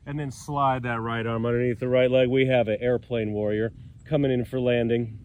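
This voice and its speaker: A man's voice: mid-range voice, level tone, moderate pace, darkish tone, smooth. A man leading a yoga workout outdoors, cueing poses with joking asides, breathing hard from the exercise. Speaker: yoga instructor. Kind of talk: guided workout instruction. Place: outdoors with a mountain view.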